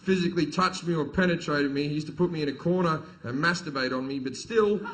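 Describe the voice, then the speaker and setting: A man with an Australian accent doing a stand-up comedy set, telling crude, profane stories and punching up the jokes loudly. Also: fairly high pitch, fast talker, low-quality recording. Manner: crude, profane, storytelling delivery with sudden loud punchlines. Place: comedy venue stage with audience.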